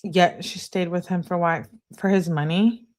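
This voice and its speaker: A woman's voice: lowish voice, steady tone, moderate pace, darkish tone. A woman streamer giving blunt, casual live commentary and talking straight to her chat. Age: adult. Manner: blunt, chatty, talks to the chat. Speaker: true-crime commentary streamer. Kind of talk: casual live commentary, reading messages aloud.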